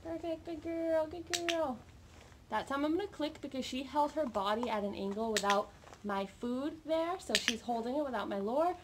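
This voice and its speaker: Fairly high-pitched and fairly quick, with lively intonation, a woman dog trainer coaches cheerfully through a live session while her puppy is off camera. The camera mic catches noticeable background noise along with training clicks.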